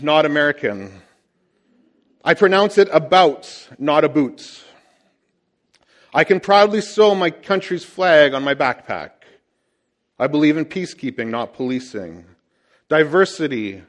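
A man quoting a patriotic ad rant in a low, leaning-in voice that builds with enthusiasm. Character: man in flannel delivering a proud patriotic rant.

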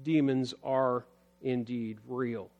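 A man preaching a sermon as a pastor, earnest, building emphasis and then dropping low, with scripture read aloud. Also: steady tone, slow, muffled recording.

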